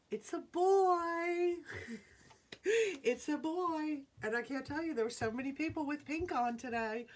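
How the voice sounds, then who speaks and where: A woman with a Rhode Island accent hosts a casual live jewelry sale from her home. Her voice sits a little high and she talks slowly and easily. She chats with her viewers, greets them by name and laughs often. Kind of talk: casual live-stream selling chat.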